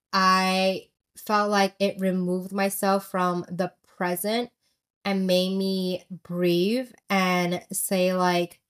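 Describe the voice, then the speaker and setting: Young woman vlogging, talking candid and chatty about her week, lots of likes and you knows. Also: medium pitch. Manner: chatty and candid, with many "like" fillers. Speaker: vlogger telling a personal story. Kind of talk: casual confessional storytelling.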